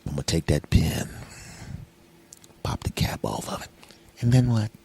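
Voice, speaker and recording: A muttering, sly inner voice that sits low and hushed, at times drifting back from the mic, as a comedian puts on his alter ego. The tone is dark and mellow, recorded dry. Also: animated, fast talker, a little hiss or hum, lightly acted. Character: grumbling lower alter ego of the host.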